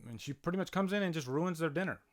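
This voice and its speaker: A man's voice: fairly high pitch, animated, quick pace. A man hosting a casual live-stream movie commentary from home, chatty, with many fillers and restarts, reading out and answering viewer comments. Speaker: channel host doing live movie commentary. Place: home, near a playing TV.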